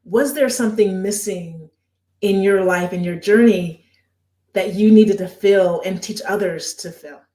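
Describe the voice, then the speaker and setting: A woman's voice: mid-range voice, measured pace, dark tone. A woman hosting a podcast interview, asking reflective questions and often checking in with "right?". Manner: reflective, frequent "right?" tags. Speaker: podcast host. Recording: echoey room.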